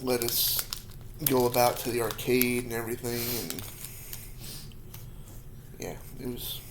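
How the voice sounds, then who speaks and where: Man, thirties, rambling casual chat, eating hot peppers, mid pitch, faint background noise. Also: little pitch movement. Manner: rambling, self-deprecating, with pauses from the heat. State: mouth full, feeling spicy heat. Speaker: vlogger answering viewer questions.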